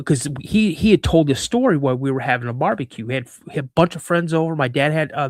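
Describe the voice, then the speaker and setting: A man in his fifties telling stories as a podcast guest, animated and acting out the voices in them. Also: medium pitch, no room sound, clean studio sound. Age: 50s. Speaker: podcast guest, cryptid researcher. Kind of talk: casual storytelling.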